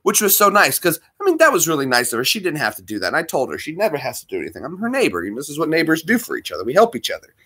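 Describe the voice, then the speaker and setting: A man's voice: on the high side, huge pitch swings, racing, few pauses, sharp tone, husky. A man chatting casually with viewers while streaming a game, rambling and friendly. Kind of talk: casual livestream chat.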